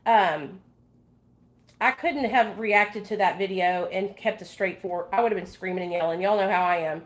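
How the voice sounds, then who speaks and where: A woman's voice: mid-range voice, normal speed. A woman vlogger talking casually and animatedly to her viewers, swearing freely and addressing them directly. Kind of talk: casual livestream commentary.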